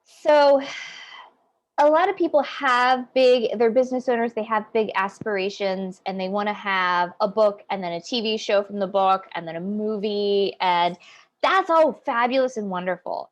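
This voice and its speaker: A woman guest speaking as a psychic in a casual interview, animated, swinging from loud emphasis to quiet asides. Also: mid-range voice, moderate pace.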